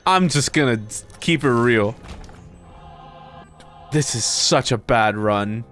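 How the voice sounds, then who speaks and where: Animated young man streaming gameplay. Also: medium pitch, slow pace, long pauses, faint music behind. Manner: animated, swearing, frequent laughter. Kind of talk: casual gameplay commentary.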